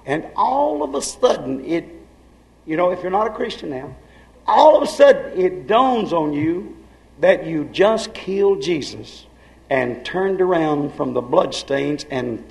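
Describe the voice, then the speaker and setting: Man, high-pitched, preacher, fervent sermon, hushed then shouting. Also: vocal fry, rough recording.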